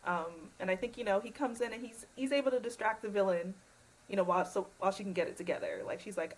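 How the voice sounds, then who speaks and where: A woman's voice: medium pitch, quick pace, rough recording. A woman guest on a podcast, chatting casually and enthusiastically with frequent fillers.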